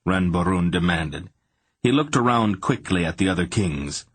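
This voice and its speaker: Deep husky male audiobook narrator. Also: expressive, moderate pace, dry recording.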